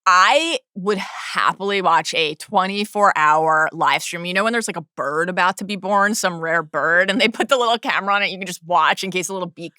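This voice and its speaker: A woman co-hosting a podcast in casual chat, playful and quick to laugh, with jokey asides. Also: lowish voice, sharp tone, dry recording, clean studio sound. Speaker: podcast co-host.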